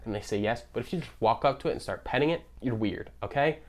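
A man's voice: medium pitch, animated, fast. Sarcastic young man ranting. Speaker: podcast host. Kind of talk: solo comedic podcast monologue.

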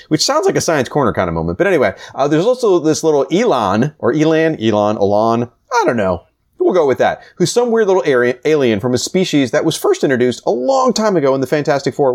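A man co-hosting a casual comic podcast, joking and self-deprecating as he recaps. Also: fairly high pitch. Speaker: podcast co-host.

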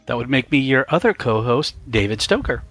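A man's voice: mid-range voice, animated, brisk, fairly bright tone, slightly rough, faint music behind. A man co-hosting a podcast in casual chat, mostly giving short agreeing replies. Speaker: podcast co-host.

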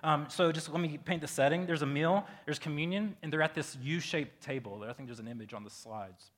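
A man's voice: a little high, brisk. A man preaching a casual sermon as pastor, talking loosely and conversationally with lots of fillers.

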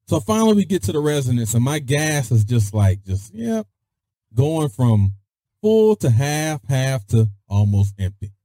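A man hosting his own podcast, telling stories in a casual, animated way and peppering his speech with mild cuss-word substitutes. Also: a little slow, no echo, clean studio sound. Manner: animated, swings his voice high for emphasis; peppers speech with "freaking" and "daggone". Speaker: podcast host. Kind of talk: casual storytelling.

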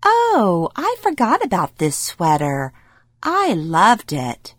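A woman's voice: on the low side, wildly swooping pitch, slow pace, no echo, heavily acted. A woman voicing her frail elderly mother with dementia, plaintive and bewildered, in a memoir reading. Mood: fond.

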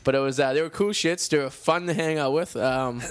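A man's voice: fairly high pitch, fairly quick, slight background noise. A man in his thirties, co-hosting a casual radio talk show and telling rambling, profane stories. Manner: rambling storyteller, swears a lot. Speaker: co-host.

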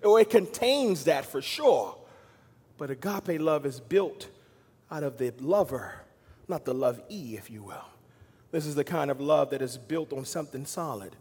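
A man preaching a sermon as pastor, swinging between loud emphatic lines and quiet, hushed asides. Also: a little high, lively intonation, a little slow, slightly rough, big-room sound. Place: church sanctuary.

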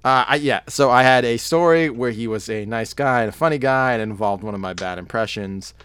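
A man's voice: mid-range voice, brisk, fairly bright tone, clean tone, no room sound. A man co-hosting a podcast, telling rambling stories in casual chat, laughing often and mimicking people. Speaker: podcast co-host.

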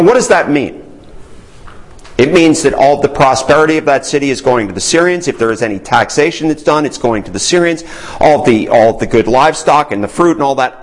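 Lively, questioning male Bible teacher. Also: on the high side, low-quality recording. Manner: conversational, asks the group questions. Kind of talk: interactive Bible study teaching.

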